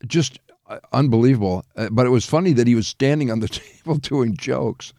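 A man's voice: mid-range voice, a little fast, warm tone, no echo, studio quality. A man who hosts a radio morning show, chatting as a guest and telling long anecdotes full of fillers, restarts and laughter. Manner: rambling storyteller with frequent fillers and laughs. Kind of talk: casual anecdotal chat.

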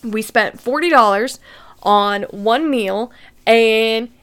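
A woman podcast host telling a personal story in a casual monologue, chatty and animated, often repeating words and acting out her own panicked thoughts. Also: a little high, slow. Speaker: podcast host and money coach.

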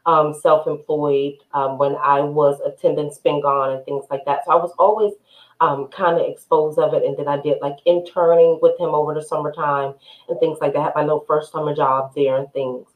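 A woman guest on a podcast telling her story candidly, pausing often with "um". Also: deep voice, fairly even intonation. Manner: candid storyteller, frequent "um" pauses. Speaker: guest, accountant and entrepreneur. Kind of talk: casual interview chat. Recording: echoey room.

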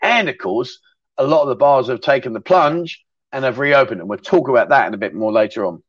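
A man's voice: mid-range voice, animated, a little fast, no echo. A middle-aged man hosting a casual livestream, chatty and rambling as he reads out viewer comments and laughs easily. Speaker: livestream host. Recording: dull, dry sound.

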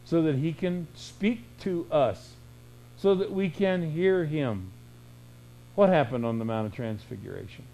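A man preaching a sermon, emphatic and full of rhetorical questions, swinging between loud bursts and hushed lines. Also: mid-range voice, a little hiss or hum, poor audio. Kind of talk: radio sermon.

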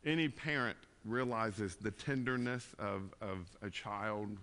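A man preaching a conversational sermon, moving between quiet, tender passages and loud emphatic bursts. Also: fairly low pitch, slow pace. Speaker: pastor.

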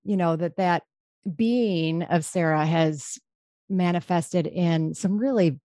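A woman's voice: on the low side, takes it slowly, mellow, no room sound, clean studio sound. A woman hosting a podcast, introducing her guest in an effusive, rambling way with many restarts. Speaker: podcast host.

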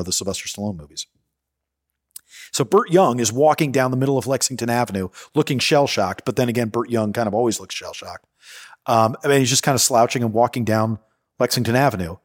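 A man's voice: mid-range voice, no room sound. Man, forties, podcast host, personal storytelling, candid, swears freely, dry close sound. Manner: candid, profane, acts out quoted voices.

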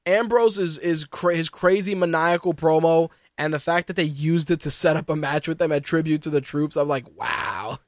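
Man, fairly high voice, animated and profane, casual podcast chat, dry close sound. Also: fairly quick, few pauses, no echo. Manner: animated, profane, mocking quotes. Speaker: co-host of wrestling podcast.

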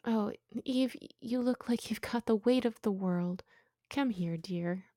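A woman's voice: a little high, a little slow, dark tone, no echo, clean studio sound, natural voice. An actress playing a motherly, middle-aged housewife in an audio drama, soothing and coaxing in a chatty way. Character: motherly, fussing older housewife, sweet yet prying.

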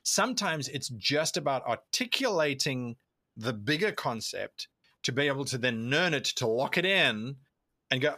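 A man being interviewed as a tabletop role-play video creator, explaining at length in an animated way and acting out the thoughts he quotes. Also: medium pitch, moderate pace, no room sound, studio quality. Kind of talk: conversational interview answers.

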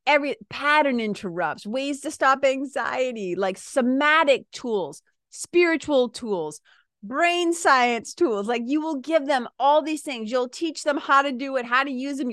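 A woman's voice: high-pitched, a bit bright, no echo, clean studio sound. A woman podcast host and spiritual coach, talking casually in a blunt, joking way and laughing often as she acts out her clients.

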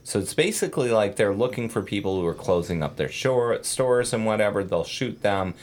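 A man's voice: lowish voice, lively intonation, a little fast. A man hosting a casual true crime podcast, telling the case in a rambling way with many fillers and self-corrections.

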